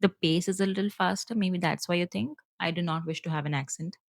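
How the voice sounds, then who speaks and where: A woman with an Indian accent, hosting her podcast solo and talking fast and earnestly to her viewers, with frequent fillers. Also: on the low side, vocal fry, dry recording. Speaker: podcast host.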